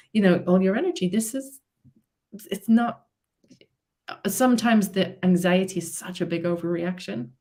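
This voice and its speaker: A woman's voice: medium pitch, unhurried, long pauses. A British woman speaking as a relationship therapist, explaining advice in a live conversation and acting out example dialogues. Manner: lively, acts out example dialogues with laughs.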